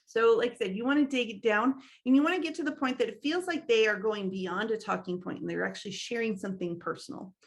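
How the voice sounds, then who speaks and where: A woman's voice: a little high, fast, hardly any pauses. Chatty woman coaching a workshop. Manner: conversational, many fillers, laughs often. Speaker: workshop trainer. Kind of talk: instructional talk.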